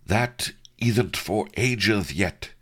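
A man's voice: on the low side, lively intonation, extremely slow, a bit bright, slightly rough, voice pushed up, full character voice. A man voicing a portly, lecherous nobleman who pants and leers. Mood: lustful. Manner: leering, panting, crowing.

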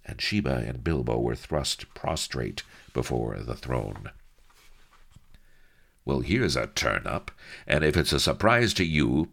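A man reading a comic adventure aloud, with a very low, gravelly voice that rises and falls with lively, theatrical expression. He throws in wry, chatty asides as he narrates. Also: takes it slowly.

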